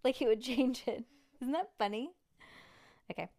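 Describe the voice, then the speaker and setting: A woman's voice: a little high, animated, moderate pace, creaky, a little mellow, dry recording. A woman reading a chapter book aloud to her child at home, breaking off for playful, chatty asides.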